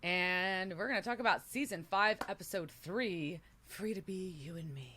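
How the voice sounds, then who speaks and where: A woman's voice: on the low side, moderate pace, bright, forceful tone, slight background noise. A woman co-hosting a podcast, opening the episode in upbeat casual chat with fillers. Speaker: podcast co-host.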